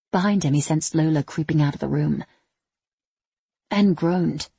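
A woman narrating an audiobook in an even, steady reading voice. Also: low voice, moderate pace, gravelly, breathy edge, dry recording.

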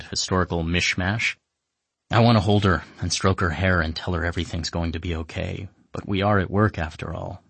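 A man narrating a comic first-person story in a wry, deadpan way. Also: low voice, breathy edge, no echo.

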